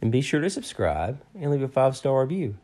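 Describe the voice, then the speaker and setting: A man's voice: mid-range voice, big pitch swings, brisk, warm tone. A man co-hosting a podcast, telling a story and joking with his co-host in an easygoing way. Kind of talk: casual podcast narration and banter.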